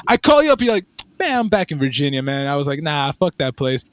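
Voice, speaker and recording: A young man telling a rambling story in casual chat, animated and swearing, with lots of fillers and restarts. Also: high voice, fast, no echo, clean studio sound.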